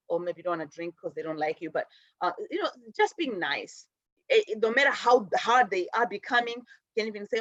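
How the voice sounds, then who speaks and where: A middle-aged woman gives a gentle spiritual talk, wandering from thought to thought and circling back with fillers and restarts. The sound is dry and close, a little dull and lo-fi. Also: mid-range voice, animated, normal speed, dry recording. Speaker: spiritual show host. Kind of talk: casual spiritual teaching.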